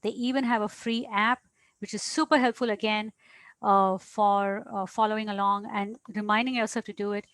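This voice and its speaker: A woman coach patiently explaining a self-help technique step by step, pausing now and then to find her words. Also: mid-range voice, steady tone, a bit bright, dry recording. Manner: patient, explanatory, with small hesitations. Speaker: astrologer and coach.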